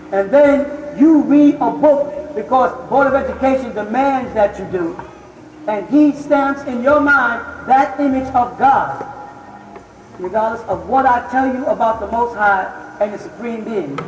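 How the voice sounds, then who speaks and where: A man's voice: extremely high pitch, slight background noise. A man lecturing an audience on religion, emphatic and constantly checking that the listeners follow him. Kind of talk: live lecture with audience questions. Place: large hall before an audience. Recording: echoey hall, faint music.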